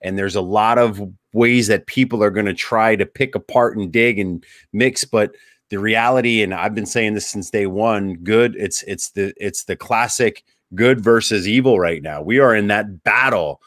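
A man's voice: on the low side, normal speed, fairly bright tone, dry recording, clean studio sound. A man hosting a podcast interview, casual and friendly, asking searching questions and calling his guest bro. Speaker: podcast host. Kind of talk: conversational interview.

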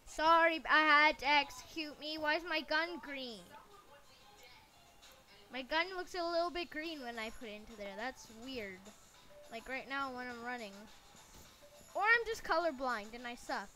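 A woman's voice: high-pitched, lively intonation, a little slow, long pauses, bright, forceful tone, soft background music. A woman giving playful, goofy commentary while playing a shooting game, shrieking at the action and muttering to herself in between. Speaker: gameplay commentator.

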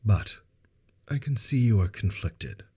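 Brief: man voicing a white-haired sci-fi genius, smooth and commanding, audiobook. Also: fairly low pitch, big pitch swings, a little slow, mellow, voice pushed up, exaggerated voice. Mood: grave. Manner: buttery, grave, regal. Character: older regal male scientist, commanding.

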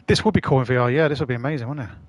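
A man's voice: medium pitch, very fast, no room sound. A man chatting casually to his live-stream audience as he plays, rambling, swearing and using slang. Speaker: gaming streamer.

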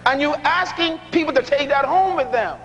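A middle-aged male preacher giving an emphatic, teasing sermon, repeating key lines slowly for effect, in a large church hall. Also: very high voice, fairly bright tone, faint music behind. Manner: humorous, teasing the audience. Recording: dull lo-fi recording with long hall reverb.

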